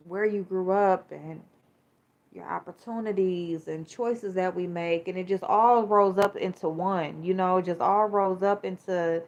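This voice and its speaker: A woman in her 40s hosts a podcast, speaking in a lowish voice with a darkish tone. She's frank and emotional, swearing a lot and leaning on plenty of fillers. The lo-fi recording sounds slightly dull.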